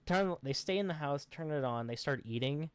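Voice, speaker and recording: A man's voice: fairly high pitch, animated, fairly quick, clear, resonant tone. Rambling man recapping a movie. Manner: rambling, profane, sarcastic retelling. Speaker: podcast co-host. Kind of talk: casual film recap chat.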